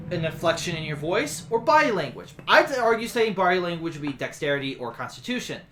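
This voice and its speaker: A man's voice: a little high, lively intonation, moderate pace, a bit bright, roomy sound, a little hiss or hum. A man running a tabletop game as game master, explaining rules and thinking aloud as he rules on skills.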